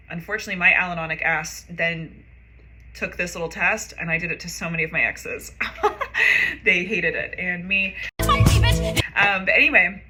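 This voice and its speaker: A woman's voice: lowish voice, bright, forceful tone. A young woman, a comedian, telling a personal story in a casual, self-mocking way, acting out the dialogue with big jumps in her voice.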